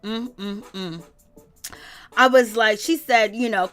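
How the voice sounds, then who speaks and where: A woman telling celebrity gossip in a casual, animated way. She exclaims often, swears, and laughs as she retells what others said. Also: a little high, slow pace, pauses often, faint music behind.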